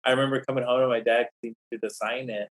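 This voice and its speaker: Man, podcast guest, storytelling, rambling, restarts often, mid-pitched. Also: level tone, racing, rough recording. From Native American community. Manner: rambling, anecdotal, many restarts. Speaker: guest scholar.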